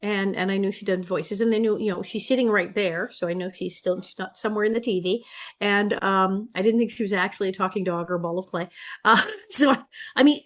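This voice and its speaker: Woman, sixties, podcast guest, animated, laughing, casual storytelling. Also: mid-range voice.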